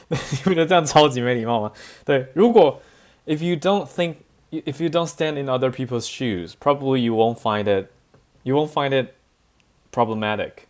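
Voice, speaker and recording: A man teaching a class, telling anecdotes in an animated way and mixing in English. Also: medium pitch, fast talker. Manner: animated storytelling, switching between languages, frequent laughs and fillers. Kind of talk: bilingual classroom lecture with anecdotes.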